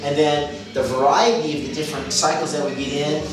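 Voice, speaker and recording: A man's voice: on the high side, flat delivery, brisk. Methodical male coach in an echoey room. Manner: methodical, repeats key phrases, self-corrects. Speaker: fitness coach. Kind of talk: explaining a training method. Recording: echoey room, mic at a distance, music behind.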